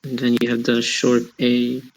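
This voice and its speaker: A man's voice: mid-range voice, completely flat delivery, normal speed, poor audio. A man in a class, hesitantly sounding out words as he reads aloud. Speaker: student.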